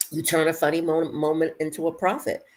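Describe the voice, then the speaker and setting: A woman in casual chat who tells lively stories, acts out what others said, and laughs often. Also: deep voice. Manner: animated storyteller, acts out quotes, laughs often.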